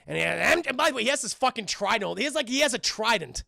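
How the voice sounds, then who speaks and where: A young man giving a casual, excitable and profane film review on a live stream, acting out the scenes. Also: very high-pitched, racing, creaky, no room sound, clean studio sound.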